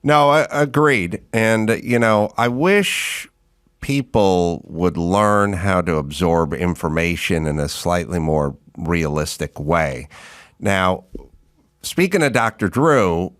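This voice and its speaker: A man's voice: low voice, animated, slow, a bit bright. A middle-aged man hosting a talk show, ranting in a sarcastic, emphatic way in casual chat. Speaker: podcast host.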